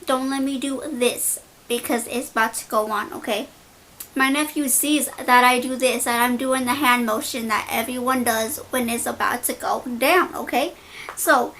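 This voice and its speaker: Young woman doing makeup and telling a story, high voice, slangy and dramatic, light hiss. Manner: animated, slangy, dramatic retelling. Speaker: beauty vlogger.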